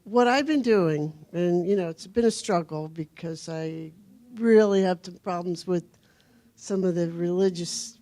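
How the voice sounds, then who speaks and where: Slow, thoughtful speaker sharing at a meeting. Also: mid-range voice, mellow, no echo. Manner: slow, thoughtful, searching for words. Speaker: workshop attendee sharing. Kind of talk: personal sharing at a recovery meeting.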